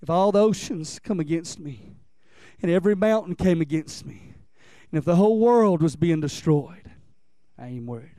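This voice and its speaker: A man's voice: a little high, moderate pace, warm tone, dry recording. A man preaching a sermon, building passion through repetition and calling the congregation to say lines back with him. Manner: impassioned preaching with repetition and call-and-response. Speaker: pastor.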